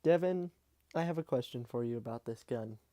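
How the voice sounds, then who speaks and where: A man's voice: mid-range voice, a little fast, mellow, no room sound. A man hosting a casual podcast, laughing often and steering the talk. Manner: giggly, leads the talk. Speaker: podcast host. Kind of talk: casual chat.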